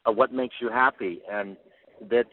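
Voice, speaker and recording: A man's voice: mid-range voice, steady tone, moderate pace, no echo. Older man coach on a phone line. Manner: earnest and plainspoken, repeats words as he thinks. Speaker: figure skating coach. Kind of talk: interview answers. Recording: tinny phone-line sound, dry.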